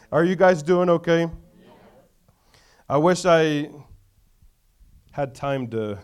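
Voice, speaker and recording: Smooth-voiced man preaching conversationally. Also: on the high side. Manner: conversational preaching, checks in with the congregation. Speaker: pastor. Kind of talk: sermon.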